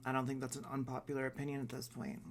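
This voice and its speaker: A man of middle pitch speaks in a casual reaction vlog. He is blunt and sarcastic, airs strong opinions freely, and swears offhandedly. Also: completely flat delivery, fast, a little hiss or hum. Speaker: vlogger.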